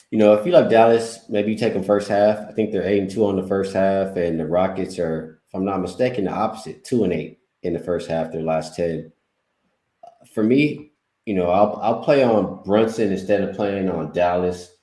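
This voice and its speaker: A man on a sports betting panel, talking in a laid-back way with relaxed slang. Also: low voice, roomy sound. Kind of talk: casual sports betting talk.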